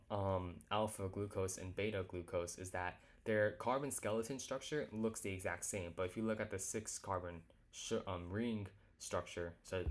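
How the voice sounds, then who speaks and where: Male teacher, very low voice, casual lecture, stumbles and corrects himself often. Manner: halting, full of fillers and self-corrections.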